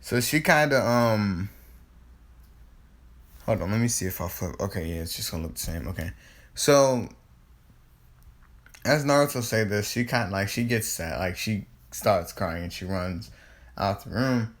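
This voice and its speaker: A man's voice: fairly low pitch, lively intonation, unhurried, pauses often. A man casually retelling a fan story, rambling, with many restarts and casual swearing. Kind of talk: improvised fan-fiction retelling.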